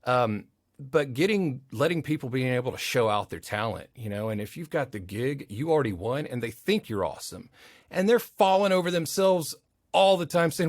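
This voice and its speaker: Animated storytelling man, lively pitch. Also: moderate pace, no room sound, studio quality. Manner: animated, acts out quoted voices. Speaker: podcast guest, audio engineer. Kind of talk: casual interview storytelling.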